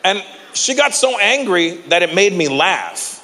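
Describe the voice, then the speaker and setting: A man doing a stand-up routine, telling stories with animated energy and yelling out the voices of the people in them. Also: high voice, a little slow, long reverb tail, slight background noise. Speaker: stand-up comedian.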